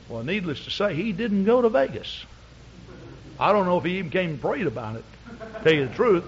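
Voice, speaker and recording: A man's voice: high voice, big pitch swings, brisk, slight background noise. A man preaching as a pastor, telling a story in a folksy, rambling way with many fillers. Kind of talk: storytelling sermon. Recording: dull lo-fi recording.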